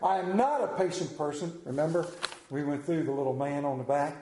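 A man preaching a sermon as pastor, dramatic, shifting between loud acted lines and hushed ones. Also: a little high, fairly quick, roomy sound, a little hiss or hum.

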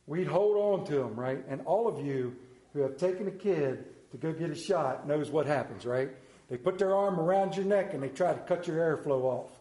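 A middle-aged male pastor delivers a sermon in a noticeably high voice. He tells stories in an animated way and asks his listeners questions. The recording carries the roomy echo of a church. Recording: echoey church room.

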